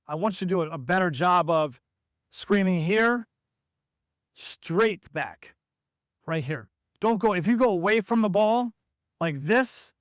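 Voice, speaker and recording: A man coaching a basketball practice, giving instructions and calling out drills to players, sometimes acting out what they should shout. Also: high voice, no echo, clean studio sound.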